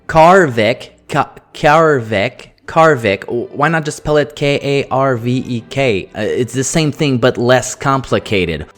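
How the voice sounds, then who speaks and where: A man's voice: medium pitch, faint music behind. Sarcastic French man reviewing cards. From France. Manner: sarcastic, jokey, rattles off card text fast. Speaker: host. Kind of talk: card review commentary.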